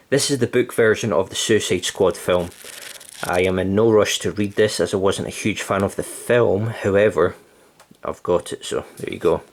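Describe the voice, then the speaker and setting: Low-voiced man rambling about books. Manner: rambling, relaxed, frequent ums. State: slightly out of breath from heat. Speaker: channel host. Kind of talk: casual vlog chat about his books.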